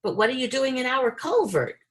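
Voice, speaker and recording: Storybook cows, read by a woman: friendly, curious, high. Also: very animated, a little fast. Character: gentle friendly farm cows.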